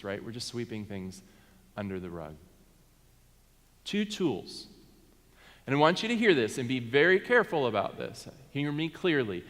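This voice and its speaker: A man's voice: mid-range voice, a bit bright. A man preaching a sermon as pastor, talking directly with his congregation and asking them to respond. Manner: interactive, asks congregation to respond. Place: church sanctuary. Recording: reverberant church sanctuary.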